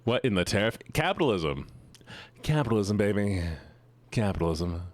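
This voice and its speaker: A man streaming live, joking with his chat in a playful, teasing voice. His pitch swings widely as he hams up mock-villain boasts. The sound is close and dry, with no room around it. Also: very animated, normal speed, dry recording.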